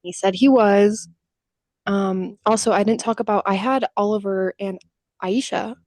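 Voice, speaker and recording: A young adult woman co-hosts a podcast, chatting casually and telling stories peppered with swearing and acted-out quotes. Her medium-pitched, darkish voice is steady and measured, recorded dry.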